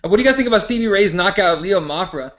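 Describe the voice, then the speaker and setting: Quick high-voiced guy keeping the mma chat moving, muffled lo-fi sound. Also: animated, fairly bright tone. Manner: quick, laughing, steers the topics. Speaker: podcast co-host. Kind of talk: casual sports banter.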